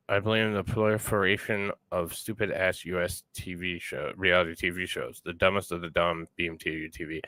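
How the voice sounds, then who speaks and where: A man's voice: deep voice, fairly even intonation, moderate pace, hardly any pauses, pushed and bright, no echo. An American man hosting a livestream, blunt and profane, greeting viewers in chat. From United States. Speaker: show host.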